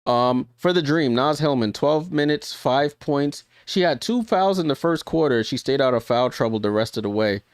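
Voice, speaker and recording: Smooth-voiced man calling a game live. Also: mid-range voice, lively intonation, normal speed, hardly any pauses, dry recording, clean studio sound. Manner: chatty, corrects himself often and laughs at his own slips. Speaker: live stream watch-along commentator. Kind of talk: casual live play-by-play commentary.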